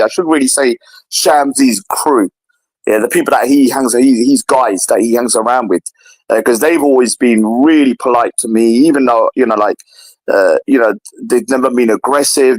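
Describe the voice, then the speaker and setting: A man in casual political chat, animated and repetitive, often acting out others in a higher voice. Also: no room sound, low-quality recording. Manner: animated, repeats himself, mimics others in a higher voice. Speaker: podcast co-host.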